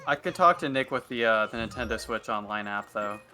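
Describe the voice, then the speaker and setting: A man chatting casually with friends on a stream, blunt and quick to swear. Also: fairly low pitch, lively intonation, bright, forceful tone, faint music behind. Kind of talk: casual chat among friends.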